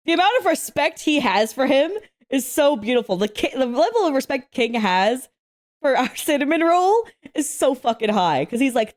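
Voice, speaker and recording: A young woman hosting an anime reaction, talking casually, swearing freely and shouting at the screen in excitement. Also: sits high, moderate pace.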